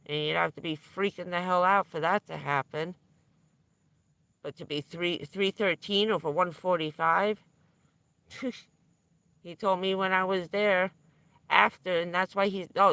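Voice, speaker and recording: A woman's voice: lowish voice, a bit bright, clear, resonant tone, no room sound. A middle-aged woman telling a candid, profane story on a livestream, laughing now and then through hard news. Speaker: vlogger.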